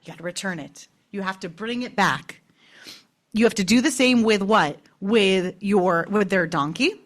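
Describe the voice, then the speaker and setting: A woman's voice: medium pitch, normal speed. A woman rabbi-cantor leading a Torah study class, talking in a conversational way and asking her group questions. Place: synagogue study room.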